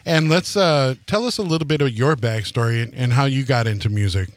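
A man's voice: medium pitch, a little fast, no room sound. Male radio co-host, friendly interviewer, dry close sound. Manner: friendly interviewer asking questions.

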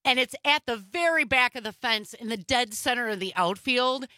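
A woman hosting a talk radio show, chatting in an animated way and telling stories. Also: a little high, normal speed, no room sound, clean studio sound. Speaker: radio host.

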